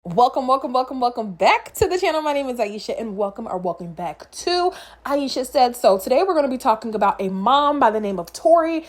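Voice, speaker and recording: A woman's voice: high-pitched, lively intonation, a little fast, no echo. A woman in her thirties hosting her own channel, giving casual, candid reaction commentary with plenty of opinionated asides. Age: 30s.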